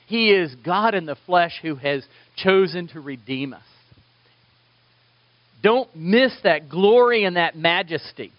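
Animated, high-voiced male preacher. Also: slow, dry recording, highs cut off. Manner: animated, conversational, self-deprecating. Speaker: pastor. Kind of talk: sermon.

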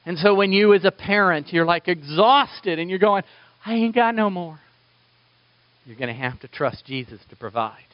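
Lively, animated male preacher. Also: high-pitched, moderate pace, hardly any pauses, dry recording, lo-fi sound. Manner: animated preaching, acts out quoted voices. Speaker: pastor. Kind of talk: sermon.

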